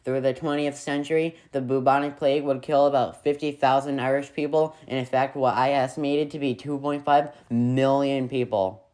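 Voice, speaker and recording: A man's voice: medium pitch, steady tone, normal speed, few pauses, a little mellow. A man narrating a history video in a scripted way, with playful, sarcastic asides.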